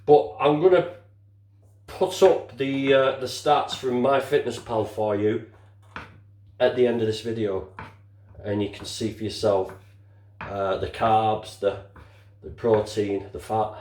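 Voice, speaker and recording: An older man, a home cook, chats casually through a cooking demonstration in his home kitchen, muttering and swearing mildly as he works. His voice is fairly low and darkish, slow with long pauses. The kitchen recording is echoey, with dishes and utensils clinking in the background.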